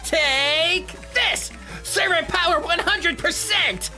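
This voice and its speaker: A woman's voice: extremely high pitch, slow, sharp tone, faint music behind, voice pushed up, heavily acted. A woman voicing a whiny, edgy punk boy villain from a game while reading its dialogue aloud.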